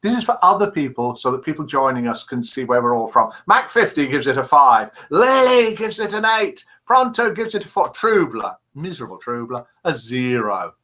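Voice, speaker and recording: A man's voice: mid-range voice, big pitch swings, normal speed, hardly any pauses, bright, forceful tone. An older man hosting a live chat stream, reading out viewers' messages in a chatty, self-deprecating way with many "uh" fillers. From England. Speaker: host of a live chat show.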